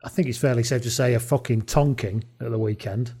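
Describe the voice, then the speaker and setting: A man's voice: mid-range voice, fairly even intonation, a little fast, dark tone, husky. A man co-hosting a podcast, telling stories chattily and mock-quoting people as he talks about work and rugby. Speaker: podcast co-host. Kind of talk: casual rugby chat.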